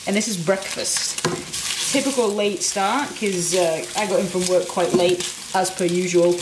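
A woman's voice: lowish voice, echoey room, background noise. A woman vlogging casually while cooking in her home kitchen, chatty and rambling with loose restarts. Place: home kitchen with food frying. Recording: frying sizzle under the voice.

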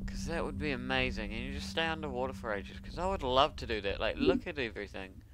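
A man giving casual commentary as he plays a game, excitable and talking to himself, with sudden yelps and laughs. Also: medium pitch, quick pace, very noisy. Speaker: gaming video creator.

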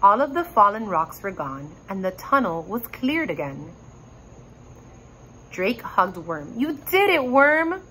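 A woman reading a children's chapter book aloud with expressive, animated storytelling. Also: on the low side, slow, pauses often, slight background noise, low-quality recording. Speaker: reader.

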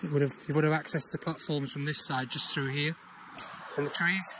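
A man, chatting casually as he walks an overgrown old railway path outdoors, often pausing on "uh". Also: fairly high pitch, steady tone, background noise. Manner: chatty, with frequent "uh" pauses. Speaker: urban exploring vlogger. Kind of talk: casual walk-and-talk commentary.

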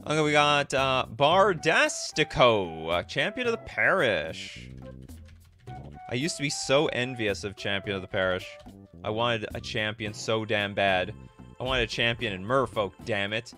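A man from Canada hosts a casual live stream in a bright, forceful voice, jumping all over his pitch as he talks. He jokes and thinks aloud while reacting to viewer messages. Faint music plays softly behind him. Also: measured pace. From Canada (Winnipeg). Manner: animated, jokey, thinks aloud while reading chat. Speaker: livestream host.

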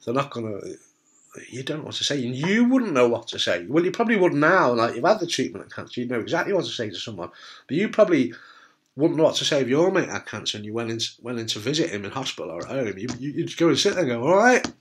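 A man's voice: medium pitch, very animated, fast talker. Blunt man giving frank advice. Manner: blunt, frank, swears, jokey. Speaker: testicular cancer survivor giving advice. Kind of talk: casual talk to camera.

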